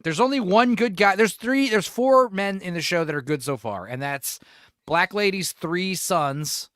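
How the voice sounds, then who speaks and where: A man's voice: high-pitched, measured pace, a bit bright. A man hosting a podcast, rambling and profane in casual chat, laughing often. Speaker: podcast host.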